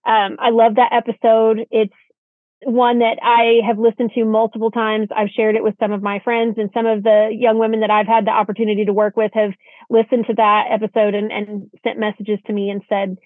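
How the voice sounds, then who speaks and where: A woman co-hosting a podcast, heartfelt and grateful, with a fairly high voice. She comes through a tinny, phone-like line with a dry, close sound. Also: level tone, a little fast, no room sound. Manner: heartfelt, grateful, laughs easily. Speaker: podcast co-host. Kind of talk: casual podcast chat.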